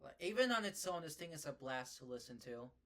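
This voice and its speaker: A man's voice: on the high side, very animated, brisk, bright, forceful tone. A young man co-hosting a casual podcast, giving emphatic opinions and rankings. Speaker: podcast co-host. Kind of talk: casual chat.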